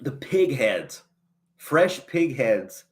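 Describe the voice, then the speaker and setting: A man hosts a casual livestream, reading the live chat while rambling in a folksy way and chuckling often. He sounds a little choked up and clears his throat. His medium-pitched voice is sing-song, with drawn-out words.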